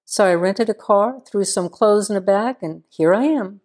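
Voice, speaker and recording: A woman's voice: mid-range voice, moderate pace, darkish tone, lightly acted. A woman reading the part of an amiable big-city police officer, a grown man, in an audiobook. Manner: amiable, easygoing.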